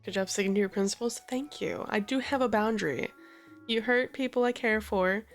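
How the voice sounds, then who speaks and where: A woman's voice: medium pitch, fairly quick, soft background music. A woman streaming a game, chatting in a playful, sarcastic and profane way. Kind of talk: casual live-stream commentary.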